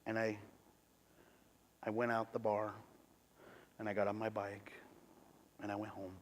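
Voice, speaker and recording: Earnest halting pastor, a man. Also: on the low side, monotone, slight background noise. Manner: earnest, halting with many restarts. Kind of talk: sermon testimony.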